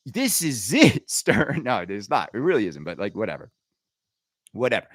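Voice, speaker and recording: A man hosting a podcast, ranting casually with sarcasm and quick asides. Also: on the low side, no room sound, studio quality. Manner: animated, sarcastic, riffing with laughs and mock impressions. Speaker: podcast host.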